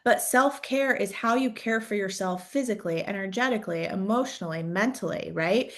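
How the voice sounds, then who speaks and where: Woman career coach talking to a group, warm-up conversational delivery, reflective questions, medium pitch. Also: fairly quick. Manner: conversational, peppers sentences with "right?"; encouraging, posing reflective questions. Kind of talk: coaching talk to an audience.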